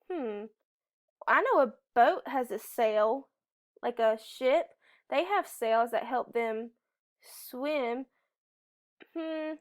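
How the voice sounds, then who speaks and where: A woman teacher thinking aloud through a reading lesson, slowly trying out each word choice in a sentence and musing over which one makes sense. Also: on the high side. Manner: slow, musing, reads sentences aloud carefully.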